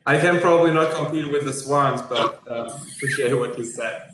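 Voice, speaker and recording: Brief: mid-pitched man, halting and searching for words, echoey room, noisy line. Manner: hesitant, many fillers. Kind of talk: casual chat.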